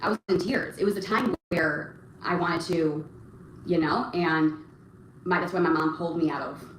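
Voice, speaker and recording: A young woman hosting a casual livestream and answering chat, talking in a rambling, halting way with many fillers and restarts. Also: deep voice, steady tone. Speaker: livestream host reading chat. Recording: roomy echo, faint background noise.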